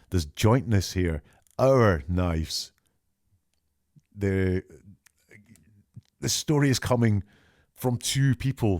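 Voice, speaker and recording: A male podcast host giving measured, reflective analytical commentary and reading out quoted lines as he goes. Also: lowish voice, dark tone, no room sound, clean studio sound.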